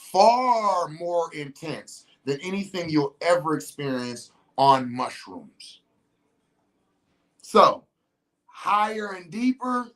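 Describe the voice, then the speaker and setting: A host holding forth in a loose, casual monologue. The delivery is emphatic and full of slang and blunt profanity. The pitch leaps and drops as they push each point home. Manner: animated, emphatic, swings pitch widely.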